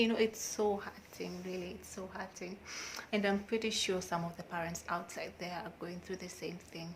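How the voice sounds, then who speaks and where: A woman's voice: lowish voice, little pitch movement, moderate pace, slight background noise. A young woman tells a personal story in a candid vlog, in an emotional, confiding and outspoken way. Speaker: vlogger.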